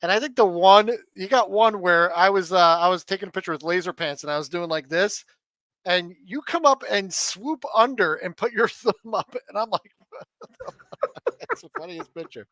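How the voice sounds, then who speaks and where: A man's voice: sits high, normal speed, sharp tone, no room sound. A man who is a guest on a casual chat, agreeing and laughing along with the host.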